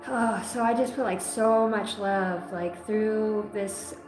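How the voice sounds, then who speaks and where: A woman giving an intuitive reading in an emotional, halting way, often breaking off mid-sentence. Her voice sits at an ordinary middle pitch. The room sounds roomy, with clear music playing behind her. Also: steady tone. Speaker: psychic reader.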